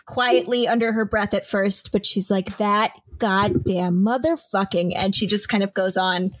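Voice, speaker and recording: Brief: woman player, casual and rambling, mid pitch, dry close sound. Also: fairly even intonation, moderate pace, dry recording. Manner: chatty, frequent "like" fillers. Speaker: tabletop game player. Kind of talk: casual game narration.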